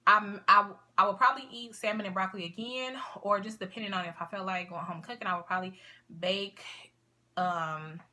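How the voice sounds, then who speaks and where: A woman's voice: medium pitch, sharp tone. A young woman vlogging casually to camera, chatty and rambling, with a sniffle. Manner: chatty, rambling, lots of fillers and asides.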